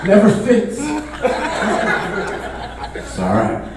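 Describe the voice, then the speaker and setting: A man's voice: sits high, wildly swooping pitch, drawn-out words, recorded from a distance. A man doing a loose, conversational stand-up comedy set, riffing with the crowd at a live show. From Bay Area. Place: live comedy show in a large echoey venue. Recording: very echoey venue audio picked up from afar, faint noise.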